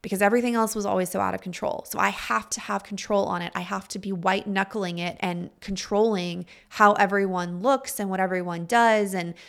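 A middle-aged woman talks through a reflective monologue in an earnest, confiding way. Her mid-range voice keeps slipping into a gravelly fry. She often turns to her listeners with direct questions. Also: medium pitch, steady tone, fairly quick, hardly any pauses.

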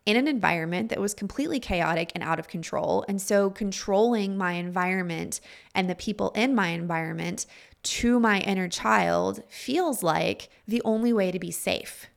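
Earnest woman with vocal fry. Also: medium pitch, normal speed. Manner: earnest and confiding, asks listeners direct questions. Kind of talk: reflective spoken monologue.

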